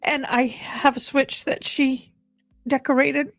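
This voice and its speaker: Chatty woman streamer, higher voice. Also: level tone, takes it slowly, a bit bright, no room sound. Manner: chatty, addresses viewers directly. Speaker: livestreamer. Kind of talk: casual livestream chat over gameplay. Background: faint game music.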